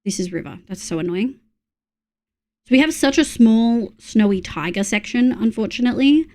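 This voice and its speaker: This young Australian streamer's voice sits on the high side, mellow and expressive, at a moderate pace. As she games, she chats casually with viewers, mumbles to herself, and curses when something bugs her.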